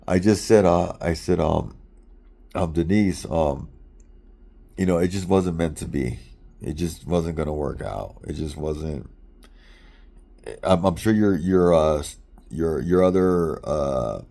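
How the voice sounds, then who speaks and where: A man with a low, gravelly voice telling a rambling personal story. He talks casually, stumbles over repeated words and drops swear words along the way. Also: a little mellow.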